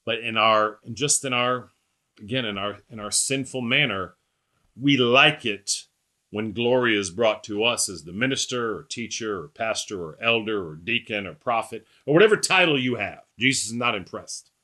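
A man preaching a sermon, emphatic and repetitive, slowing and rising on quoted scripture. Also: on the low side, bright, forceful tone. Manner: repetitive, rhetorical lists.

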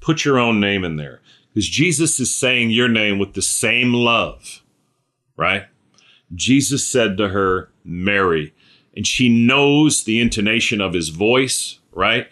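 Guy preaching a sermon, lowish voice but bright, keeps saying right? okay?. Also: lively intonation. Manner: conversational, frequent "right?" and "okay?" check-ins; halting, with restarts and fillers. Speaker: pastor.

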